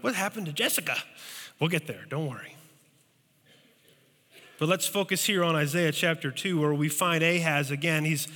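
A man preaching a sermon as pastor, telling stories with animated, acted-out voices. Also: on the high side, in a large hall. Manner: animated storytelling, acting out scared voices.

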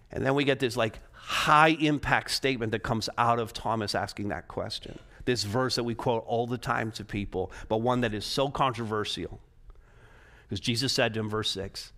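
A man preaching a sermon to a congregation, moving between quiet, low passages and rising, urgent emphasis. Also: moderate pace. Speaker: pastor. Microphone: preaching to a live congregation, also streamed online.

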